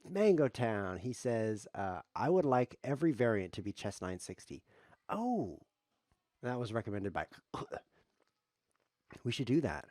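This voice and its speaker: A man streaming online chess, talking in a playful, rambling way with deadpan jokes as he plays. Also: medium pitch, unhurried, no room sound, studio quality. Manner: jokey, rambling deadpan asides. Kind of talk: playful live commentary while playing.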